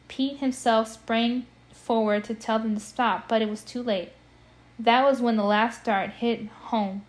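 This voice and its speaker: A woman reading a scary story aloud in a casual, expressive way, breaking off to chat. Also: a little high, measured pace, low-quality recording. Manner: chatty, expressive, breaks off to comment. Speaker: amateur audiobook reader. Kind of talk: casual read-aloud with commentary.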